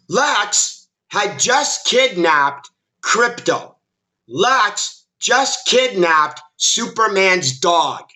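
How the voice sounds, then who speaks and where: A man's voice: high voice, sharp tone. A man giving an opinionated commentary vlog, combative and mocking toward his audience, emphatic and repetitive. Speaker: commentary vlogger.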